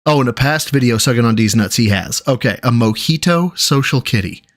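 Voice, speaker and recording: A man's voice: mid-range voice, lively intonation, a little fast. A man doing casual livestream commentary, sarcastic and profane, mocking the clip he reacts to. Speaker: streamer reacting to clips.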